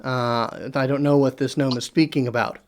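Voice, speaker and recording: A smug gentleman, played by a man, dismisses a challenge in a tabletop game. He speaks curtly and sounds mildly condescending, at an ordinary middle pitch. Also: steady tone, normal speed, close to an everyday voice. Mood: dismissive. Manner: dismissive, curt. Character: smug older man claiming a woman as wife.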